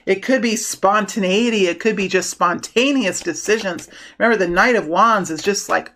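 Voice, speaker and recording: A woman giving a casual tarot reading, animated and prone to excited bursts, often restarting her sentences. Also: mid-range voice, normal speed. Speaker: tarot reader.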